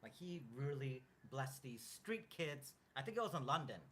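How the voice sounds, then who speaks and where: Earnest man talking in halting restarts. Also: mid-range voice, very animated, fairly bright tone, slight background noise. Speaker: co-host. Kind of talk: casual chat.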